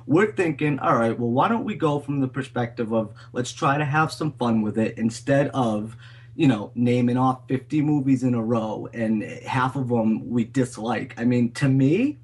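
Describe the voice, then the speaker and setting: A husky-voiced man from Boston talking on a podcast. He is blunt and defiant, and his voice has a rough edge to it. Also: mid-range voice, normal speed. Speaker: podcast co-host. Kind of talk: casual podcast chat.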